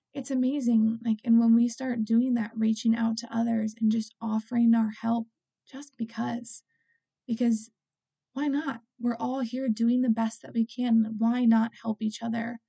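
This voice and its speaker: A woman's voice: a little high, creaky, warm tone. A woman vlogger talking casually and earnestly to her viewers, rambling and filling her talk with "like" and "you know". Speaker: vlogger with a clothing brand.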